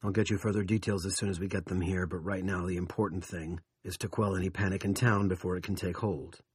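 A brisk official on a phone call, lower and clipped, with a matter-of-fact tone as a man reads him. The voice has a husky grain. It is storybook narration. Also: steady tone, no room sound, studio quality. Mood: businesslike.

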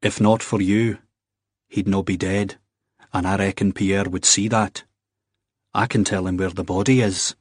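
A man reading aloud, voicing a blunt, stern man with a Scottish accent and low, deliberate menace. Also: fairly even intonation, slightly rough, no room sound, clean studio sound. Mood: menacing.

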